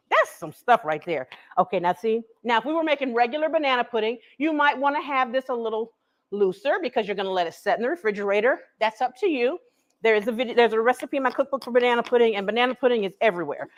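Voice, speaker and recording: Woman, high voice, live cooking host, chatty, home kitchen. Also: animated, fast talker. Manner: chatty, laughing, talks straight to viewers. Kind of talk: live cooking stream chat. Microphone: camera she set up herself.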